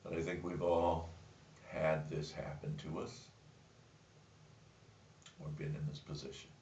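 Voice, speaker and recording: A man's voice: a bass voice, fairly even intonation, measured pace, a little mellow, a little hiss or hum. A man hosting a casual chat show, telling a joke and rambling with many restarts and fillers. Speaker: show host. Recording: roomy, distant, muffled sound.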